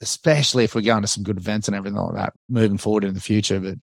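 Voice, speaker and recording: Fast-talking Australian podcast host. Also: male voice, lowish voice, steady tone, creaky, no echo, studio quality. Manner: friendly and matey, quick-talking. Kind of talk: casual podcast chat.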